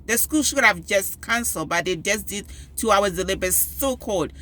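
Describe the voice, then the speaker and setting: A woman with a bright, forceful voice retells a story with lively emphasis. She is a school parent giving personal advice to her viewers, in the middle of her pitch range. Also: moderate pace. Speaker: parent and PTO volunteer.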